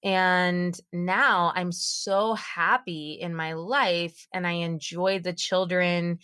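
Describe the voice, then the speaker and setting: A woman in her thirties telling a story as a podcast guest, lively and animated, with her voice leaping up as she acts out what was said. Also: slow, clear, resonant tone, no room sound, studio quality. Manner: animated, acts out quotes with big pitch jumps. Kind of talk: casual interview storytelling.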